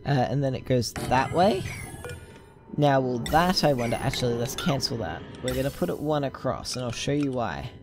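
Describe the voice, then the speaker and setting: A man talking through a building game as he plays, pausing often with ums and wandering off on tangents. His voice sits at an ordinary middle pitch. Faint music plays underneath. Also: animated. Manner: rambling, thinking aloud with many fillers. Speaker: gameplay video host. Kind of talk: casual gameplay commentary.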